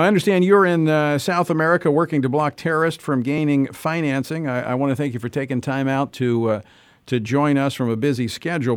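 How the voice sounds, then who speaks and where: A man's voice: a little high, no room sound. A man hosting a talk radio show, delivering emphatic, indignant commentary and introducing a guest.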